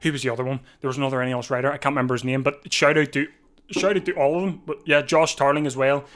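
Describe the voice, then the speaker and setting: A man with a mid-range voice hosts a live watch-along of a bike race, narrating breathlessly into a desk mic. He talks quickly over the action, and as the end approaches he repeats himself and his excitement builds to shouting.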